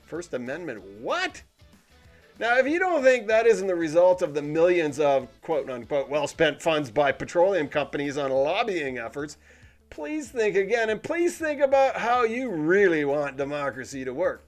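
A man hosting a weekly commentary show, talking in a sarcastic, cynical tone with animated emphasis. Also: on the high side, normal speed, faint music behind. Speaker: podcast host. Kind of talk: sardonic commentary monologue.

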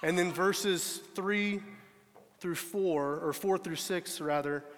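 A man's voice: high-pitched, takes it slowly, a bit bright, slight background noise. A man preaching a sermon as pastor, earnest and emphatic, often restarting his phrases. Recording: long hall reverb.

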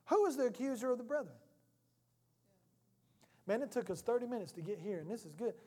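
High-voiced pastor preaching with humor. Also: male voice, a little fast. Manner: animated, humorous, conversational preaching. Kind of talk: sermon. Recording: reverberant church hall.

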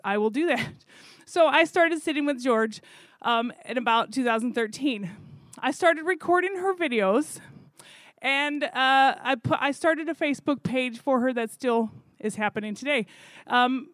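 A woman who coordinates zoo volunteers, telling a story in a chatty, animated way with fillers. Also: sits high, dry recording. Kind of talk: casual storytelling.

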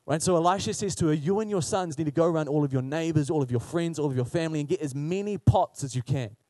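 A man's voice: fairly high pitch, fast, mellow, dry recording. A man preaching a sermon in a conversational, joking way.

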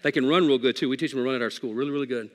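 A middle-aged male pastor preaching a sermon, conversational and emphatic, shifting from loud peaks to soft pleading. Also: mid-range voice, racing, in a large hall. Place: church sanctuary.

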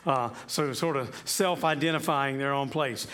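A man's voice: mid-range voice, normal speed, fairly bright tone, clear, resonant tone. A man preaching a conversational sermon, talking casually, repeating himself and asking the congregation rhetorical questions. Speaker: pastor. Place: church sanctuary.

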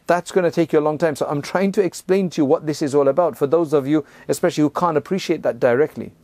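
A man teaching a religious lesson in a relaxed, conversational way. He often checks in with his listeners and works through each point step by step. His voice is somewhat high but mellow in tone, and the recording is close and dry. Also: fast, no echo. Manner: conversational, explains step by step, frequent "right?" and "you know"; recites Arabic verses in a chanting tone. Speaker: Islamic teacher.

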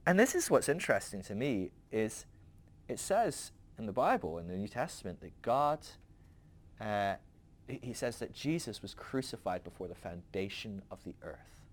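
A man's voice: fairly low pitch, big pitch swings, moderate pace. A man hosting a podcast, talking through a rambling, conversational philosophical monologue with frequent asides to the listener. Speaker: podcast host.

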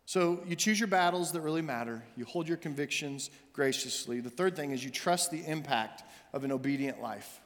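A man's voice: high-pitched, expressive, fairly quick, a bit bright, in a large hall. A middle-aged man, a senior minister, preaching a sermon in short, emphatic, repeated lines.

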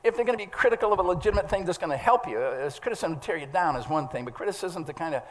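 Man preaching in church; lively and stammering, keeps quizzing the congregation. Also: high-pitched, rapid-fire. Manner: animated, stammering restarts; asks the congregation questions. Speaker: pastor. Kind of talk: sermon.

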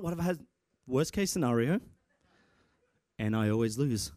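A young man preaching a sermon in an animated, excitable way, with many restarts and sudden shouts. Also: mid-range voice, normal speed, long pauses, no room sound, clean studio sound. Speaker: preacher and church guitarist. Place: church.

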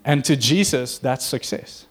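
A male pastor delivering a sermon to his congregation in an earnest, conversational manner. His voice sits at an ordinary middle pitch. He slips into short acted-out quotes. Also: expressive, a little slow, husky.

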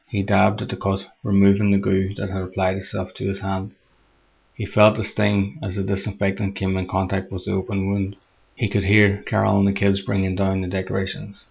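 A man narrating a scripted horror story in a steady, measured reading, on a dull lo-fi recording. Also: deep voice, gravelly, breathy edge.

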